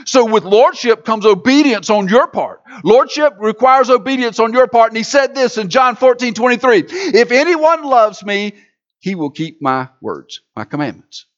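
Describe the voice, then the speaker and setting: Man, pastor, high voice, emphatic sermon, loud then hushed, muffled lo-fi sound. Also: animated, moderate pace, few pauses. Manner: preaching with swings from loud to hushed.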